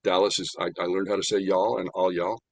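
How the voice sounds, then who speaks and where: Older man, lowish voice, animated storyteller, dry close sound. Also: no echo. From American. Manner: animated, humorous, slows down for emphasis. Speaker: spiritual speaker. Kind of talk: storytelling talk.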